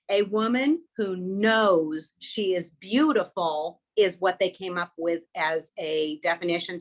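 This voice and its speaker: A woman's voice: medium pitch, a bit bright, poor audio. Woman, fifties, workshop presenter, earnest, encouraging, reads passages aloud from a book. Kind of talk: informal presentation to a small group.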